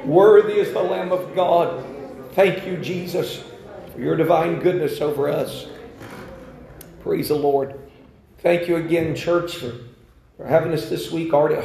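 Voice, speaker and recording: A man preaching a revival sermon in a church, fervent and rising to shouts. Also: medium pitch, vocal fry, a little hiss or hum. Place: church sanctuary. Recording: echoey church room.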